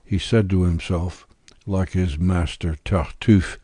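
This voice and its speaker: A male audiobook narrator reads a classic novel in a deep, dark voice with a slightly husky grain. His delivery is slow, measured and deliberate, recorded dry and close. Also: no room sound.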